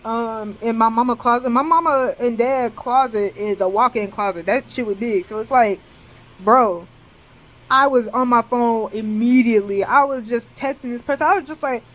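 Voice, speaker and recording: A woman's voice: a little high, moderate pace, low-quality recording. A young woman in college telling a storytime vlog in casual, slangy speech, full of cursing and fillers like "bro.". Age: young adult. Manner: slangy, profane and animated, with many fillers like "bro" and "dead ass".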